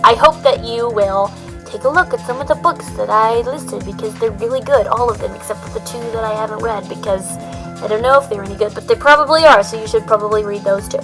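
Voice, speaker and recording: A woman's voice: fairly high pitch, brisk, over music, rough recording. A woman chatting through a book tag video in a put-on, jokey mixed accent, rambling and poking fun at herself. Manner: rambling, chatty, self-mocking. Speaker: book vlogger. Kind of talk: casual book tag chat.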